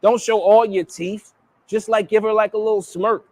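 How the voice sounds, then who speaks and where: A man's voice: high-pitched, steady tone, moderate pace, a little mellow, dry recording. A man giving blunt, crude dating advice in a played clip. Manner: blunt, crude, swearing freely.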